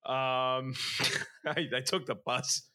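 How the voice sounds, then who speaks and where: A hoarse young man co-hosting a podcast, chatting casually with rambling asides and jokes. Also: mid-range voice, steady tone, slow, pushed and bright, dry recording, studio quality. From Philadelphia area. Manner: rambling, filler-heavy, joking. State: hoarse after illness. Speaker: podcast co-host. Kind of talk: casual chat.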